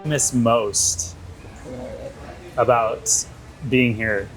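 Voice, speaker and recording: Male interviewer, short questions, mid-pitched voice, off-mic. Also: fairly even intonation, very slow, music in the background, rough recording.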